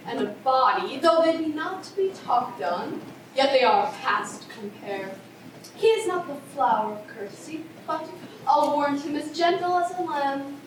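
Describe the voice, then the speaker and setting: A fussy, worn-out old nurse who grumbles about her aching bones while she teases the girl in her care. She is acted by a young woman on a stage. Her high voice comes from far off and rings through a very echoey hall, with a faint murmur of ambience behind it. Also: background noise. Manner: teasing, complaining. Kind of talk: stage play performance. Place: theater stage.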